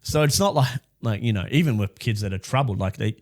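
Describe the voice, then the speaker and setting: Fast-talking man rambling about films. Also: on the low side, expressive, a little mellow. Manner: rambling, fills speech with "like". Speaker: podcast co-host. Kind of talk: casual film discussion.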